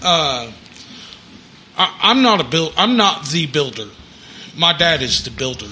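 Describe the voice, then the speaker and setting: A man's voice: a little high, big pitch swings, a little slow, pushed and bright, slight background noise. A man, laid-back, chatting casually as the podcast host. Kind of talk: casual chat.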